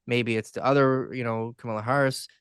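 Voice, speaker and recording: Male podcast co-host, smooth clear voice, easygoing and chatty, dry close sound. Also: mid-range voice, fairly even intonation, a little fast, no room sound. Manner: laid-back, laughing, chatty. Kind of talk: casual chat.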